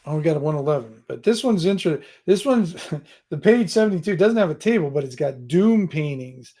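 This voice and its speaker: A man hosting a live stream about writing a tabletop adventure, chatting casually at home. His voice is fairly high and gravelly, and he rambles as he thinks aloud and ribs his viewers. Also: animated, a little fast, mellow. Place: home room with gear and books behind him.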